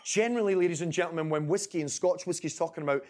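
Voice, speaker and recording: In an event room with a live audience, a brand ambassador from Scotland, in his twenties, runs a tasting at a racing pace. His voice sits a little high with a slightly mellow tone, and he keeps things chatty, repeating phrases to drive points home.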